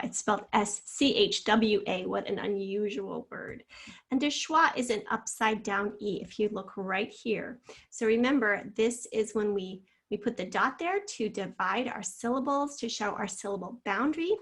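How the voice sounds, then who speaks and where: A woman teacher giving a recorded spelling lesson to fourth graders, sounding out words slowly and carefully. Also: mid-range voice, slightly rough.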